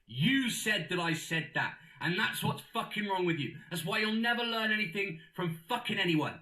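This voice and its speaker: A shrill, strained crank hurls sweary abuse in a relentless tirade, as a man puts him on. The voice sits very high and sharp, and the sound rings around an echoey room. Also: lively intonation, normal speed. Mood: ranting. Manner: abusive, sweary, shouting tirade. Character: furious male conspiracy theorist ranting in voice messages.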